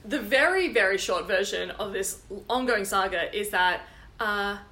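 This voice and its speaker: A young woman, co-hosting a casual chat and telling stories with quick asides. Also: mid-range voice. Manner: animated storyteller, quick asides and laughter. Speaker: podcast co-host.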